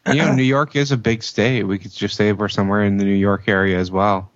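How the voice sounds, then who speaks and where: Brief: a low-voiced man arguing a point in casual chat, dry dull lo-fi audio. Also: steady tone, fairly quick, no room sound. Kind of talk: casual discussion.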